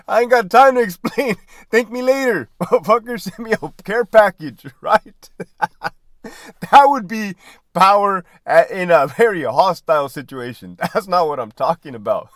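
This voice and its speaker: Animated, high-pitched swearing man. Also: moderate pace, no echo, clean studio sound. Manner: animated, swearing, laughing often. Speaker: podcast host, former prison guard and army veteran. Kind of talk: casual profane monologue.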